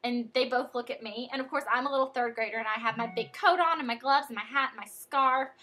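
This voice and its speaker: Bright, breathy young woman telling a story. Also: fairly high pitch, fast. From United States. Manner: chatty and animated, many fillers like "like" and "um". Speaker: vlogger. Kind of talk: casual storytelling vlog.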